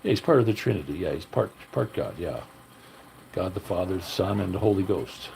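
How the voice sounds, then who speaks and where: A man's voice: sits low, animated, brisk, gravelly, darkish tone, slight background noise, poor audio. An older man chatting casually on a livestream, telling loose, profane, folksy stories to viewers. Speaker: livestream host. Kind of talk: casual rambling chat to live viewers.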